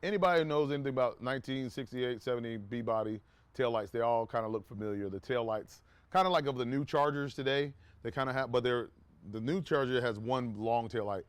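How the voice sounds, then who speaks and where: A man's voice: medium pitch, fairly quick, clean tone, dry recording. Rambling man telling a story, dry sound. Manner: rambling, with many restarts and asides; acts out quoted dialogue in a raised voice. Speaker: vlogger telling a personal story. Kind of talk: casual storytelling to camera.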